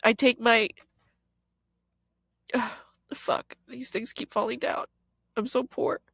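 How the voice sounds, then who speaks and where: A woman's voice: on the high side, little pitch movement, slow pace, vocal fry, a bit bright, no echo. A woman in her thirties, a podcast host and comedian, giving a raw confessional monologue in a blunt, profane way.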